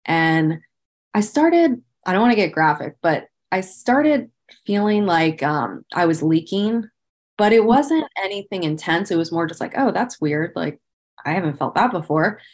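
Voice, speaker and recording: A woman's voice: on the low side, expressive, measured pace. A woman in her thirties, a podcast guest, telling a personal story candidly and earnestly, with frequent "like" fillers and a strong sense of emotion. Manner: speaks about painful memories with visible emotion.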